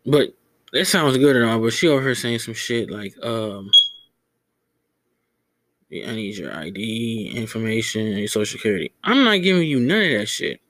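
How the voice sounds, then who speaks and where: A man's voice: mid-range voice, animated, moderate pace, fairly bright tone, no room sound. Casual profane man, dry close sound. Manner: loose, profane, stumbling over words. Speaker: podcast host. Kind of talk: casual rambling monologue.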